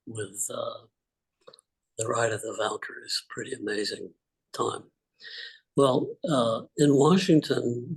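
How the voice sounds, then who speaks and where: An older man telling relaxed, rambling personal stories on a group video call, with many fillers. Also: mid-range voice, creaky, slightly rough, rough recording. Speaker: call participant. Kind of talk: casual storytelling on a group call.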